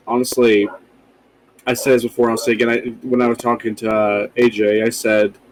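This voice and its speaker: A man's voice: medium pitch, poor audio. Rambling man swearing on a podcast. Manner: loose, profane, rambling with fillers. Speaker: podcast co-host. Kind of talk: casual podcast chat.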